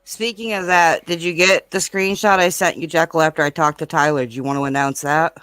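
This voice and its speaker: A woman's voice: sits low, fairly even intonation, a little fast, fairly bright tone, smooth, dry recording. A woman chatting on a podcast as the guest's assistant, teasing and giggly. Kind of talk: casual podcast chat.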